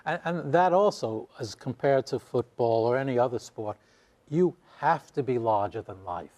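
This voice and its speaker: A man's voice: medium pitch, lively intonation, moderate pace, a little mellow. A man in an interview, explaining a point thoughtfully in a conversational way.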